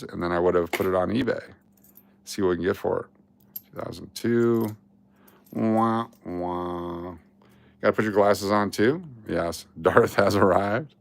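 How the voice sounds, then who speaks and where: A deep-voiced man with a gravelly, fry-heavy tone talks to camera while searching through coins. He mutters dates and mint marks as he goes, gets excited over a possible find and groans at the misses. It is a loose, casual commentary. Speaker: coin roll hunting host. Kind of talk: casual coin-hunting commentary.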